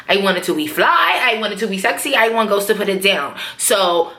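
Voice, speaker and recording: A young woman casually recapping a TV episode in slangy, animated talk, acting out the characters' lines. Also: mid-range voice, fairly quick, few pauses, echoey room.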